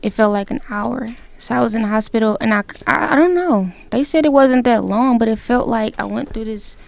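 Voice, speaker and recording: Woman guest on radio, kinda high gravelly voice, laid back, says like a lot, dry studio sound. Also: dry recording. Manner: laid-back, halting, lots of "like". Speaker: guest rapper. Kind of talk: casual interview chat.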